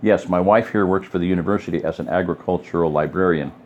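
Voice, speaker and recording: A man's voice: deep voice, fast, highs cut off, lightly acted. A man voicing a wary, hesitant family man in an audiobook reading. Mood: plain.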